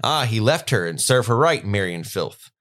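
Man doing a drunken slurring brute, coarse rustic talk, high and loud, very lively. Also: normal speed. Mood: bitter.

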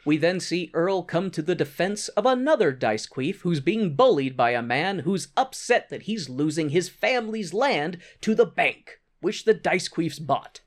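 A man recaps a theater production for his co-host in a casual podcast chat. His voice is animated and swings widely in pitch. He jokes and laughs often along the way. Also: moderate pace, hardly any pauses. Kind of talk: casual recap of a stage show.

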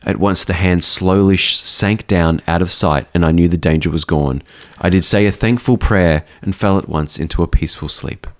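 A man's voice: low voice, normal speed, few pauses, lightly acted. A man voicing a frightened woman recounting a ghost encounter in a faintly Irish-sounding put-on accent, in a solemn, old-fashioned telling. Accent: faintly Irish-sounding put-on lilt.

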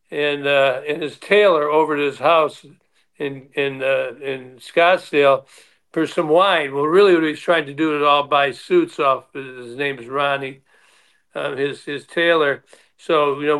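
Older guy in his 60s spinning stories, slightly high bright voice, acts out what people said. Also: clear, resonant tone. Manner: animated storyteller, acts out quoted voices. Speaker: guest, former player and manager. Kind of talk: casual storytelling chat.

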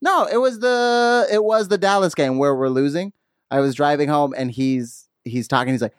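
A man co-hosting a casual sports podcast, telling animated stories and acting out what others said, often laughing. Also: on the high side, moderate pace, clean tone, no echo, studio quality. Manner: animated storyteller, laughs, acts out quotes. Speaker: podcast co-host.

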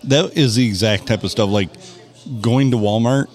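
Deep-ish guy, chill and matter of fact, bar podcast chat. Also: moderate pace. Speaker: podcast co-host. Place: bar on a Monday night.

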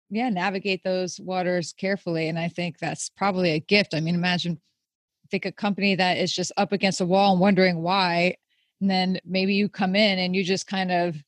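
A woman hosts an interview in a casual, rambling way, with plenty of fillers and restarts. Her voice has a middle pitch and sits dry and close. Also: no echo. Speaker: interview host.

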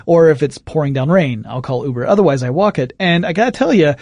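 A man co-hosts a podcast in a loose, joking way, rambling and restarting his sentences. His voice sits a bit high and sounds dry and close. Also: animated, quick pace, darkish tone, dry recording. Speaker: podcast co-host. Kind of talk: casual chat.

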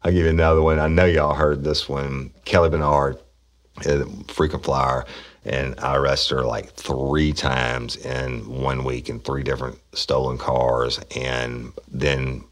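A middle-aged man with an extremely low, deep voice tells old police stories. He talks in a blunt, folksy, profane way and often restarts his sentences. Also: flat delivery, a little slow. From Louisiana, USA. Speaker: podcast host, former police officer. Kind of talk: casual storytelling.

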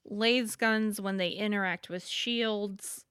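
A woman speaks in an unhurried, mid-pitched voice with a dry, close sound and no room echo. She explains story details in a loose, conversational way. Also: fairly even intonation, a bit bright, clear, resonant tone. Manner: laughs often and adds short agreeing comments. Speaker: podcast co-host. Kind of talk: casual book discussion chat.

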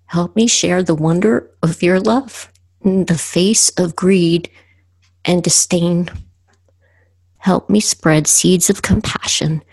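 Slow, breathy woman reading poems. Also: fairly low pitch, darkish tone. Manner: slow, earnest reading with pauses. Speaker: podcast host. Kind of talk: reading her own poems aloud.

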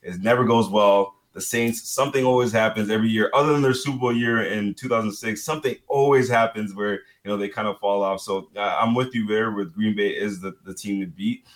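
A man's voice: lowish voice, steady tone, a little fast, few pauses. A man talking football as a radio guest, rambling with many restarts and tag questions. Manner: rambling, many restarts and "you know, right". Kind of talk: casual sports talk.

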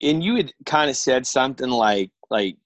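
A middle-aged man, a high school baseball coach, talking frankly and casually with many fillers over a video call. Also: expressive, moderate pace, dry recording. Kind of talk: casual interview chat. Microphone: video call with earbuds.

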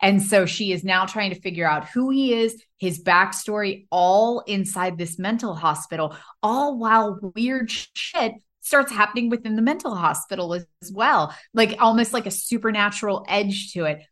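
A woman's voice: medium pitch, moderate pace, hardly any pauses, a bit bright. A woman co-hosting a podcast, chatting casually and enthusiastically, swearing freely. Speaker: podcast co-host. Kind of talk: casual chat.

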